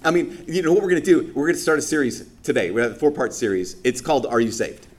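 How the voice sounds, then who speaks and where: Casual, lively male priest preaching. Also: medium pitch, fast. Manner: casual and lively, full of fillers, acts out people's reactions in quoted asides. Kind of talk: conversational sermon. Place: church during Mass.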